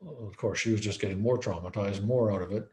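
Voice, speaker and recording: Low mellow-voiced male lecturer. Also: a little fast, slight background noise. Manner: conversational, storytelling, acts out quoted dialogue. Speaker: psychiatrist. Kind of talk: conference lecture.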